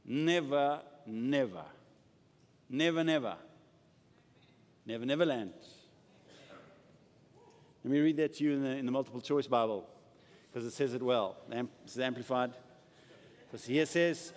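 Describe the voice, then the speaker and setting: A man preaching a sermon and praying aloud, moving from loud declarations to hushed, intimate lines. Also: mid-range voice, moderate pace, long pauses. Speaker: pastor. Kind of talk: sermon with prayer. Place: church. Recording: church hall with long reverb.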